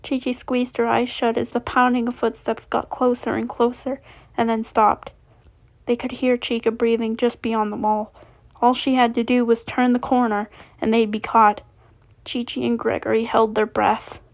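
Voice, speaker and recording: A woman reading a story aloud in a fairly high voice, steady and plain, often stumbling and restarting words. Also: moderate pace. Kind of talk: reading fan fiction aloud.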